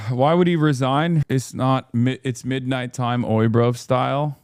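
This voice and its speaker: A man's voice: medium pitch, fairly even intonation, unhurried, a little mellow, clean tone, dry recording, clean studio sound. A man hosting a livestream, talking casually and sardonically to his chat. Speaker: livestream host reacting to chat.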